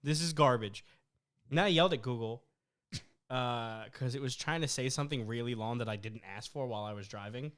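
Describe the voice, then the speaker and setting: A young man co-hosting a podcast in casual chat, animated and swearing as he acts out arguments with his phone. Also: medium pitch, a little fast, clear, resonant tone. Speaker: podcast co-host.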